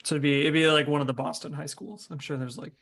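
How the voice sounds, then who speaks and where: A man playing in a tabletop game, chatting casually and thinking aloud with hesitant pauses. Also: a little high, steady tone, creaky, fairly bright tone. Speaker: player.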